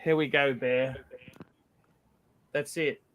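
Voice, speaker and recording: A man's voice: medium pitch, fairly even intonation, slow, a bit bright, no room sound. A man hosting a casual livestream, reading viewer messages aloud with enthusiasm. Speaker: livestream host.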